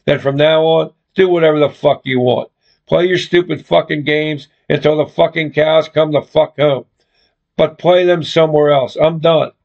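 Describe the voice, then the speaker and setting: A man's voice: fairly high pitch, steady tone, normal speed, vocal fry. A man voicing a fed-up young woman who confronts her boyfriend bluntly and swears freely, on a dull lo-fi recording. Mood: furious.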